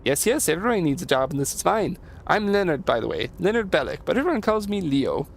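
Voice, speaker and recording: A man's voice: sits high, very animated, fast talker, vocal fry, slight background noise, voice pushed up, full character voice. A man voicing a cheerful, chatty male dockworker with a put-on Irish accent and an eager, repetitive, folksy manner. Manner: folksy, repeats himself eagerly. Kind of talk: reading game dialogue aloud in voices.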